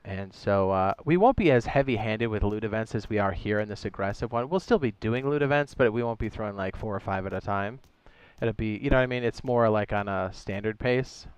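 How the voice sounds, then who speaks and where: A man's voice: fairly low pitch, brisk, clear, resonant tone, dry recording. A man hosting his own game live stream, chatting casually, reading viewers' messages aloud and often correcting himself. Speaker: streamer and server host.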